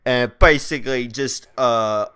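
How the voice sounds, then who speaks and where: A man's voice: medium pitch, a little slow, bright, forceful tone, clear, resonant tone. A young man giving casual, brash and crude game commentary, ranting and mocking other players. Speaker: gameplay commentator.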